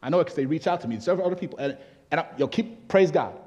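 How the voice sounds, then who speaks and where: Nigerian-born pastor preaching in a reverberant hall. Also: male voice, fairly high pitch, rapid-fire, a little mellow, lo-fi sound. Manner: conversational preaching that builds to emphatic, rising exhortation. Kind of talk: sermon. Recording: long reverb of a large hall.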